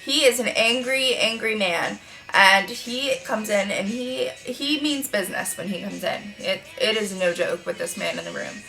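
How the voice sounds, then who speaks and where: A woman in her twenties, a freelance makeup artist, telling a client story in a chatty, profane, animated way while doing her makeup. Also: mid-range voice, normal speed, faint music behind.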